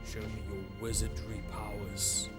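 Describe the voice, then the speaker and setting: A man's voice: lowish voice, monotone, a little slow, loud music behind the voice. A man giving casual movie reaction commentary, chatting, laughing and swearing casually as he watches. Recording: loud film soundtrack playing behind.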